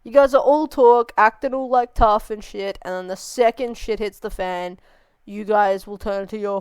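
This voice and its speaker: A woman's voice: mid-range voice, normal speed, smooth, no echo. A young woman hosting a reaction video, ranting and swearing in exasperation. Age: young adult. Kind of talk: casual reaction commentary.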